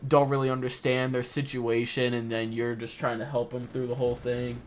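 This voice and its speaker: A man's voice: medium pitch, level tone, brisk, hardly any pauses. A young man, a gaming vlogger, talking casually and emotionally over gameplay. He rambles and leans heavily on "like" and "or whatever", and his voice wavers.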